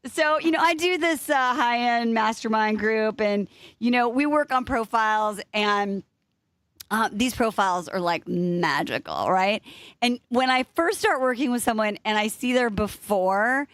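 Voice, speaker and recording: A woman's voice: fairly high pitch, lively intonation, measured pace, a bit bright, no echo. A woman hosting a casual podcast interview, bubbly and salty-tongued, laughing often. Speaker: podcast host.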